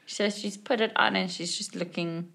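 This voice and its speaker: A woman's voice: medium pitch, fairly even intonation, moderate pace, gravelly, fairly bright tone. A woman playing a tabletop game who talks in a casual, offhand way and giggles often. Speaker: player.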